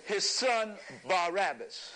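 High-voiced man lecturing with preacher fire. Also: expressive, slow pace, a crowd in the background, rough recording. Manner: preacherly, emphatic, rising to shouts. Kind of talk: impassioned lecture to a live audience.

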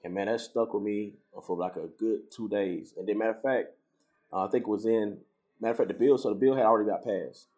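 Animated low-voiced man telling a story. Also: fast. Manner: storytelling, animated when quoting others. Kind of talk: casual faith conversation.

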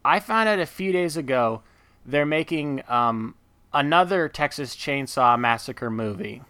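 Male podcast host, enthusiastic rambler, bright tone, dry close sound. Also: mid-range voice, lively intonation, measured pace, smooth, no room sound. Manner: rambling, enthusiastic, full of fillers and asides. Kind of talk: casual chat.

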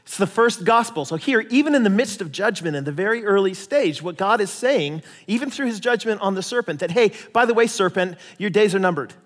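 A male pastor preaching a lively, conversational sermon with casual asides. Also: high voice, fairly quick, few pauses, in a large hall. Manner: animated, conversational preaching with asides and paraphrased voices.

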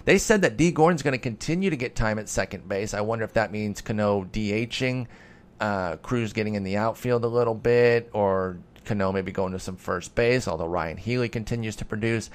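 A man talks through listener questions on his own podcast. His voice sits fairly low, and he rambles loosely, often poking fun at himself and working up a mock-angry tone. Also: fairly quick. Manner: rambling, self-deprecating, mock-heated sarcasm. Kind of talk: casual solo podcast talk.

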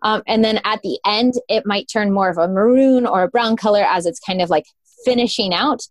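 A woman's voice: medium pitch, a little fast, no echo. Chatty woman guest, dry close sound. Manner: chatty and informal, full of "like" and "um". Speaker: podcast guest. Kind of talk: casual conversational interview.

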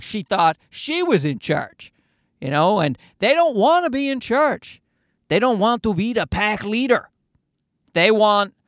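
A high-voiced man riffs through a casual comedic monologue. He swears freely, rants, and leaps from tangent to tangent. His pitch is very lively, and the recording is dry and close. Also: no room sound. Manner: profane, ranting, jumps between tangents.

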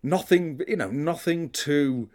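A man's voice: on the high side, takes it slowly, a little mellow. A man in casual chat, giving wry, emphatic opinions with dry humour.

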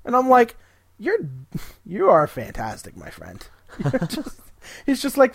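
A podcast co-host casually recapping an episode, animatedly retelling scenes and quoting characters in quick voices. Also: mid-range voice, huge pitch swings, gravelly, dry recording, studio quality.

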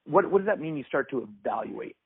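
A man hosts an interview, eagerly summing up what his guest said before asking the next question. His voice swings lively up and down and has a husky edge. It comes through a dry, thin phone line. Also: on the high side, quick pace, no room sound. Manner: enthusiastic, sums up and poses questions. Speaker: host. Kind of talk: casual interview talk. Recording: tinny phone-line sound.

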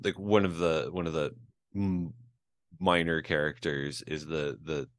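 A man's voice: rumbling low, steady tone, unhurried, no echo. A man co-hosting a podcast, chatting casually about a film with many fillers and restarts. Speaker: podcast co-host. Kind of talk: casual film review chat.

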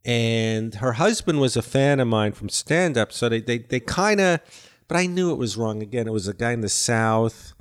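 An older man talks as an interview guest, wandering through stories with constant restarts and self-deprecating asides. His voice comes through smooth and clear, at an ordinary middle pitch. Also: expressive, moderate pace. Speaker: guest, actor and comedian. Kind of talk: casual interview chat.

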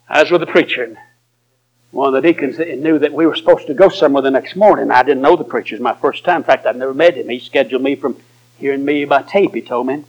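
A male preacher giving a sermon, telling folksy stories that swing from chuckling asides to emphatic shouts. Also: medium pitch, fast talker, lo-fi sound.

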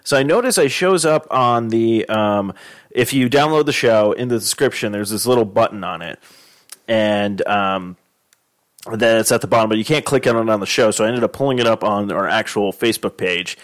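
A man's voice: on the low side, moderate pace. A man co-hosting a podcast in casual comedic chat, riffing, swearing and laughing often. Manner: jokey, riffing, slips into mock voices. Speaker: podcast co-host.

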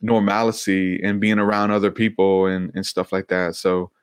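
A man speaking as an interview guest, earnest and halting, often repeating words as he tells his story. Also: deep voice, flat delivery, smooth, no room sound, studio quality. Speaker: interview guest, Christian minister. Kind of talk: casual interview conversation.

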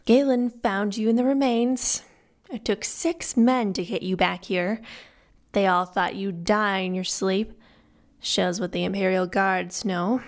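A woman reading the lines of a brisk, stern older woman who tends a wounded man, in a scolding manner. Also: mid-range voice, fairly even intonation, close to an everyday voice.

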